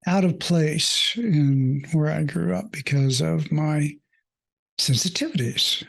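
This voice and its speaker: His voice a little high, creaky and slightly rough, a male mindfulness coach opens up about something personal. He pauses and fills gaps as he reflects, sincere and visibly moved.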